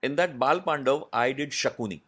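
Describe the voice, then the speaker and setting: A man, a voice artist answering interview questions in a measured, explanatory way with many pauses. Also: medium pitch, fairly bright tone. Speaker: voice artist guest.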